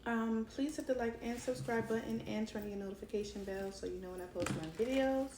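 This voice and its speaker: A woman's voice: on the high side, brisk, echoey room, recorded from a distance, background noise. A woman with a Brooklyn accent, giving a chatty tarot reading into her cell phone with many fillers and laughs. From Brooklyn, New York. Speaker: tarot reader.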